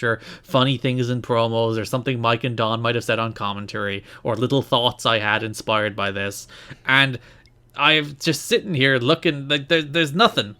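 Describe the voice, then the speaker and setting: A man co-hosting a podcast in casual chat, animated and quick to laugh, his pitch jumping when he is exasperated. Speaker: podcast co-host.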